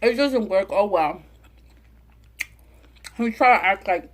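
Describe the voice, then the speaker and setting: Speaking slowly and leaving long pauses, a young mukbang vlogger from Southern California tells a profane story on camera. Her voice is mid-range, and she animatedly acts out each quoted line.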